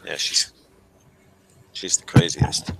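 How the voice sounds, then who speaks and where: A man's voice: slow pace, slight background noise, rough recording. A man in a casual online voice chat, speaking in an offhand, dismissive way.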